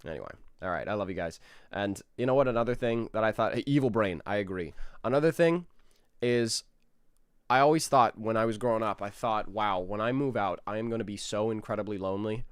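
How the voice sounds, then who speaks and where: Brisk and smooth, with a lowish voice in a dry, clean studio recording, a twentysomething animator streams live, chatting casually with viewers. He laughs easily, wanders and keeps restarting sentences.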